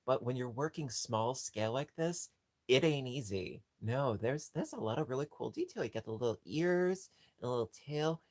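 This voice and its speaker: A man hosts a casual livestream chat, gushing over cute things with his voice leaping into a squeaky high pitch. He rambles and keeps restarting his sentences, and the recording is dry.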